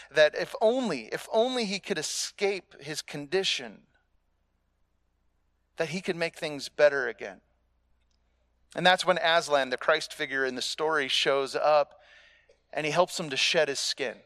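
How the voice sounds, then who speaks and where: A man with a fairly high voice delivers a sermon in a relaxed, conversational way. He leans on rhetorical questions and repeats his key phrases for emphasis. The sound is close and dry, with almost no room echo. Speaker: pastor.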